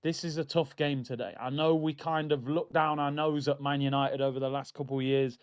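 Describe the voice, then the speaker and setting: A man runs a football watchalong stream with casual, slangy and opinionated chat, and he keeps calling his viewers "people". His voice sits a bit high, and the audio is dull and lo-fi. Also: steady tone, brisk, clear, resonant tone. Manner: chatty, opinionated, slangy, calls the audience "people".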